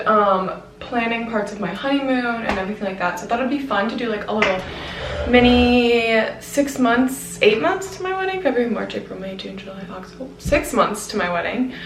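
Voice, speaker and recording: A woman's voice: mid-range voice, a bit bright, a little hiss or hum. A young woman chatting casually to her camera, rambling with lots of fillers and self-mocking asides. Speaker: vlogger. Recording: roomy echo.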